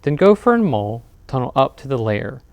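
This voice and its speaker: A man reading picture books aloud as a librarian at a bedtime storytime, expressive with dramatic pauses. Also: medium pitch, no echo. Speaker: children's librarian.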